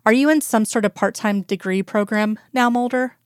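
A woman's voice: fairly high pitch, normal speed, clear, resonant tone, no room sound, studio quality, natural voice. A woman doing a tired, guarded female agent. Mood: weary. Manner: flat, tired, reluctant.

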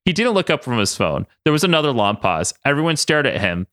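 A man's voice: mid-range voice, very animated, brisk, fairly bright tone, dry recording, clean studio sound. A man podcast host reading a comic story aloud, laughing as he reads.

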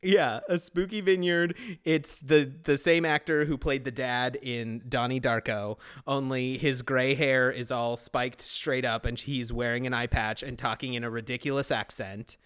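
A man co-hosting a casual podcast, recapping a movie in an animated, rambling way with swearing. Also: mid-range voice, normal speed, hardly any pauses, clean tone. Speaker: podcast co-host.

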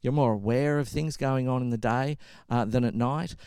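A middle-aged male pastor with a medium-pitched, clear, resonant voice preaches a sermon at a normal pace, keeping it conversational as he tells stories and acts out quotes with animation. The recording is dry, with clean studio sound.

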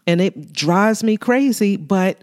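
A woman's voice: medium pitch, animated, takes it slowly, darkish tone. A woman co-hosting a faith talk show with her husband, speaking candidly and with humor about marriage.

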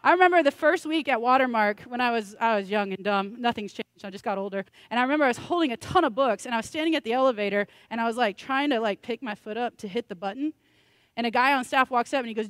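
A woman's voice: a little high, very fast, no echo. A woman pastor preaching a sermon in a conversational, joking way, with self-deprecating asides.

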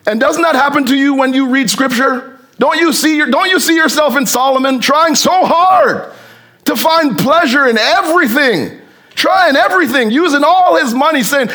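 A man preaching a sermon with fervent rhetorical questions, moving from hushed reading to shouting. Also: very high-pitched, lively intonation, moderate pace.

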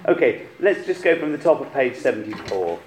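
A man's voice: medium pitch, sing-song, a little fast, very noisy. A man leading a choir rehearsal, encouraging the singers with hesitant restarts and short sung snippets. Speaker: choir conductor. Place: rehearsal hall. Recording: echoey hall with choral music. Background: choir singing.

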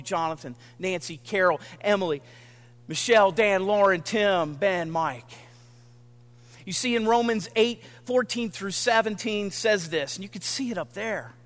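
A man preaching a sermon with earnest, dramatic pauses, sometimes dropping almost to a whisper. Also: high-pitched, fairly bright tone, in a large hall. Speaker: pastor.

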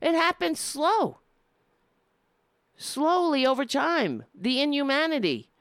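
A woman's voice: high-pitched, big pitch swings, fairly bright tone, no room sound, clean studio sound. A woman giving an indignant opinion monologue, often stumbling and restarting as she builds her point. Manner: impassioned, indignant, with halting restarts.

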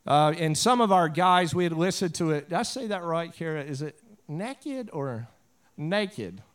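High-voiced pastor preaching. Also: male voice, brisk, clear, resonant tone. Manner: casual storytelling with prayerful swells. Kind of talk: sermon.

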